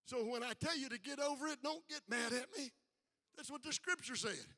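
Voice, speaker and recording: An older man preaching a fiery sermon, building from quiet talk to shouted peaks and calling out for responses. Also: very high-pitched, fairly quick. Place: church sanctuary with congregation. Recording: live hall with long reverb.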